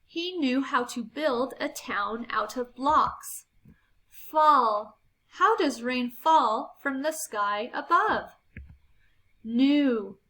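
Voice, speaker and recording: A woman teacher giving a phonics lesson to children, reading a story aloud and sounding out words slowly and clearly in an encouraging way. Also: high voice, background noise.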